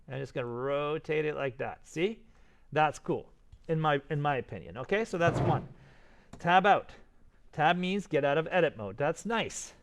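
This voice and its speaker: A man walks his class through a software tutorial as he records his screen. His voice sits a little high, and he keeps up a running, excited commentary on each step. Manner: enthusiastic, talks to students while clicking through steps. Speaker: teacher.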